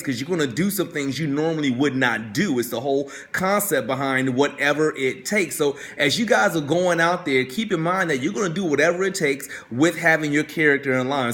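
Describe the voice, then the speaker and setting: This is a man with a fairly bright, higher-leaning voice, coaching through a motivational talk by telling a story. His delivery is conversational, full of repeated words and frequent check-ins of "right?"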